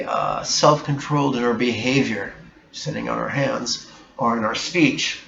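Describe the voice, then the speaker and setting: A man speaking very slowly and deliberately at a middle pitch, giving a reflective meditation talk with blunt emphasis. The room echoes around him, and the sound is dull and slightly muffled, with a faint hiss underneath. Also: creaky, a bit bright. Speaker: meditation teacher.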